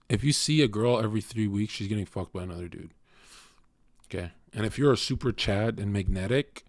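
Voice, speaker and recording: A man's voice: on the low side, vocal fry, a little mellow, dry recording, studio quality. A man streaming live, ranting bluntly and profanely at his chat in a confrontational way. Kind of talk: casual rant to a live chat.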